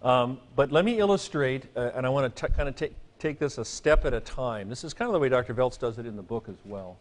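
A man's voice: medium pitch, expressive, quick pace. A man giving a classroom lecture as a teacher, talking conversationally and often checking in with "okay?" and light asides. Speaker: Greek teacher.

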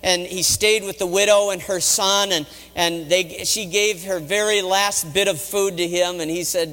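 A man's voice: high voice, fairly even intonation, moderate pace, few pauses, fairly bright tone. A middle-aged man, a college chaplain, retelling a Bible story in a dramatic sermon. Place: college chapel. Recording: reverberant chapel hall.

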